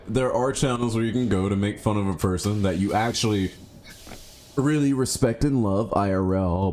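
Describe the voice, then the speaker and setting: A man streaming a game live, chatting casually and thinking out loud, with sudden excited yelps. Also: sits low. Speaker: gaming streamer. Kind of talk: casual live gameplay commentary.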